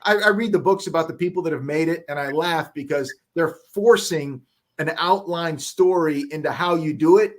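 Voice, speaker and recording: Podcast guest, man with a high voice, punchy motivational storyteller. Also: normal speed. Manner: energetic, emphatic, acts out voices.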